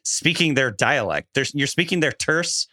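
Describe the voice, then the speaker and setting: Bright, lively male podcast co-host. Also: medium pitch, no echo, clean studio sound. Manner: laughs easily, quick reactions. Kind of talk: casual chat.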